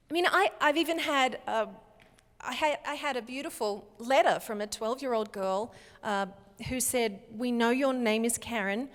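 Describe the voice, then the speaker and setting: Australian woman, keynote speaker, animated storyteller, fairly high voice, long conference hall reverb. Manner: animated, acts out quoted voices.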